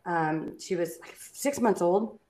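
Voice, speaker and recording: A woman's voice: lowish voice, slow, dark tone. A young adult woman chatting candidly on a podcast, swearing freely and stumbling over restarts. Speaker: podcast co-host. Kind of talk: casual podcast chat.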